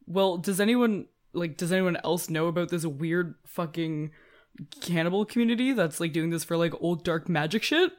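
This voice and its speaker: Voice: mid-range voice, normal speed. A tabletop player speaking emotionally, swearing and stammering often. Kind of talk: tabletop game chat.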